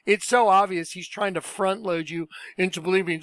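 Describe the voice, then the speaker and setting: Scornful man, high clear voice. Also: normal speed, few pauses, a bit bright, no room sound. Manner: emphatic, scornful, repetitive. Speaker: commentator reacting to clips. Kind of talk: casual reaction commentary.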